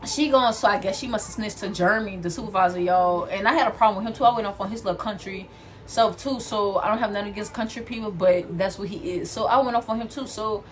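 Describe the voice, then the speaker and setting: A young woman vlogger telling a storytime from work while doing her hair, animated and acting out what people said. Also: medium pitch, fast. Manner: animated, acts out quotes, addresses viewers as y'all.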